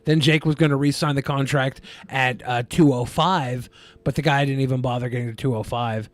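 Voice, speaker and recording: A man's voice: medium pitch, steady tone, brisk, dry recording. A man co-hosting a podcast, talking in a sarcastic, profane and mocking way. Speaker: podcast co-host. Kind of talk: casual chat.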